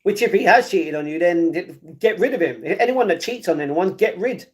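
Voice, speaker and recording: On a casual livestream, a male streamer reads viewer comments and hands out blunt, repetitive advice. His high-pitched voice moves fairly quickly with lively intonation.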